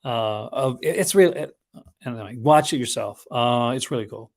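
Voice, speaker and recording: A man hosts a casual live unboxing stream, chatting in a rambling, conversational way and breaking into enthusiastic asides about the films he collects. His voice is mid-range and gravelly, with lively intonation and a normal speed.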